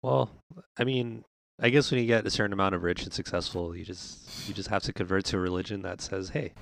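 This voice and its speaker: A man's voice: deep voice, fairly even intonation, fast, gravelly, fairly bright tone, slight background noise. A man co-hosting a casual podcast, rambling and laughing often as he chats with friends. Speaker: podcast co-host. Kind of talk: casual banter.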